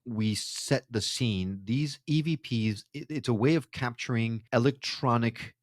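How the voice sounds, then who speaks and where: A man's voice: medium pitch, a little slow, dry recording, clean studio sound. A man hosting a podcast interview, conversational and explaining things to listeners. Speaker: podcast host.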